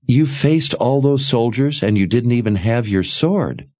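Audiobook: male narrator playing an earnest young woman, lifted pitch. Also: expressive, a little slow, darkish tone, highs cut off. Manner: questioning, earnest. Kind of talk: audiobook character voice.

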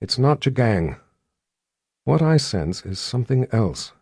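A man reading the part of a watchful young sorceress in an audiobook, speaking in a hushed, urgent whisper. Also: mid-range voice, sing-song, a little slow, slightly rough, dry recording, clean studio sound, heavily acted. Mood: tense.

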